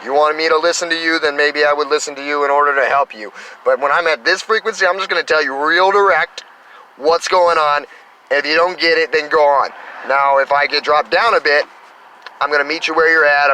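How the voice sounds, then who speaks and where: Bright-voiced man rambling outdoors. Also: a little high, steady tone, quick pace, slight background noise, low-quality recording. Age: 30s. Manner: enthusiastic, meandering, spiritual self-talk. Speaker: spiritual vlogger. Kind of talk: rambling casual monologue.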